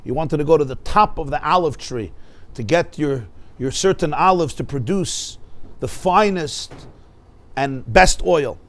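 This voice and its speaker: A man teaches a Torah class in a fairly high voice. He talks in an animated way, asks his listeners rhetorical questions and weaves Hebrew and Yiddish terms into his English. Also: unhurried.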